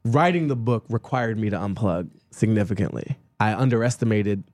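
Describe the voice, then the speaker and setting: A man speaking as an author guest in a casual conversation, animated and self-mocking, with quick jokes. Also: on the low side, no room sound.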